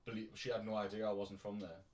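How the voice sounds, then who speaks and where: Low-ish and quick, this man's voice carries a North East English accent placed between Newcastle and Durham. He co-hosts a podcast from a room at home, keeping the chat easygoing, jokey and full of laughs. Sound is echoey, captured by a shared mic set at a distance.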